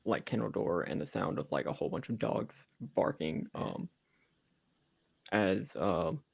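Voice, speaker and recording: A man playing a tabletop game who describes his character haltingly, with lots of fillers. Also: lowish voice, very animated, creaky, a little mellow, breathy edge. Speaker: player.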